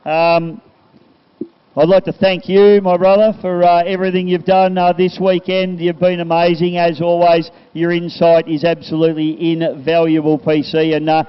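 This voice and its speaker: A man's voice: fairly high pitch, little pitch movement, normal speed, clean tone. A man announcing at a boat race, matey and upbeat, thanking people over the PA. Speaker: race commentator and MC. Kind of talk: live PA announcing. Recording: dull live-stream audio with noise.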